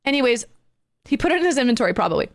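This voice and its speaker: A woman streamer with a high voice that swoops up and down, telling a story to her chat in a fast, excitable way and using gamer slang. The sound is dry and close. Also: no room sound.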